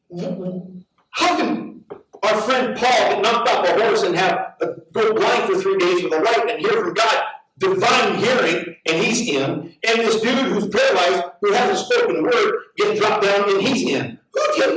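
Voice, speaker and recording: A middle-aged male pastor telling a story in a sermon, animated and prone to repeating words as he acts out the people in it. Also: high voice, recorded from a distance, a little hiss or hum. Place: large church hall. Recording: very echoey hall, heard from afar.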